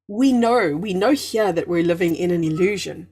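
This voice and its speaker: A woman hosts a live spiritual talk, effusive and encouraging, stretching out emphatic words and responding to viewers' comments. Her voice is on the low side, expressive and husky with a darkish tone, moving at a moderate pace with few pauses.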